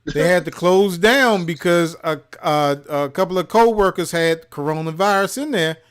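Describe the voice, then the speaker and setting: A man from Maryland, co-hosting a gaming show, telling a profane story in casual chat and shouting out the lines he quotes. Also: high-pitched, moderate pace, clean tone. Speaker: podcast co-host.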